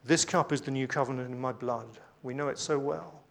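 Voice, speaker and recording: A man's voice: medium pitch, fairly quick, creaky, a bit bright. A man preaching a sermon, reading scripture aloud with emphasis between conversational asides with light humour.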